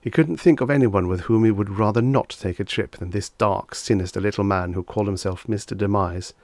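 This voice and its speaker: Man, audiobook narrator, deep voice, steady storytelling, dry close recording. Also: brisk, dry recording. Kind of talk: vintage short story reading.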